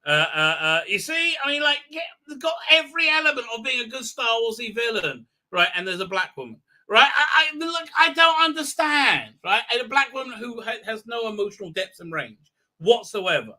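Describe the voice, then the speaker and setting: Bright-voiced man ranting on a livestream. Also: extremely high pitch, animated. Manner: rambling, full of halting fillers and restarts. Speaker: livestream host. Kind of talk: ranting show recap commentary.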